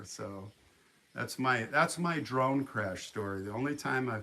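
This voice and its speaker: A man hosting a livestream, telling a story in a casual, animated way with frequent restarts. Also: medium pitch, a little slow, gravelly. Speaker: livestream host.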